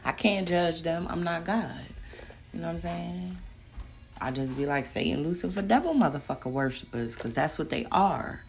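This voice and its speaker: Gravelly low-voiced woman ranting profanely. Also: unhurried, soft background music. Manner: profane, emphatic storytelling; loud outbursts alternating with muttered asides. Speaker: podcast host. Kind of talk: casual monologue.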